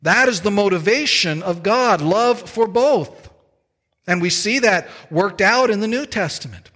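Male preacher, fairly high voice, unhurried and emphatic, long hall reverb. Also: expressive, a bit bright. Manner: measured, emphatic preaching with slow stressed phrases. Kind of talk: sermon.

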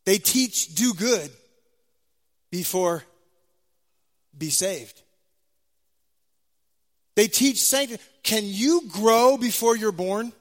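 A man delivers an emphatic sermon, driving points home by repeating key phrases. His voice sits very high for a man, and it swings from loud declarations to hushed low endings. A long reverb trails behind his words, as in a large hall. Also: animated, drawn-out words, pauses often. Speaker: preacher.

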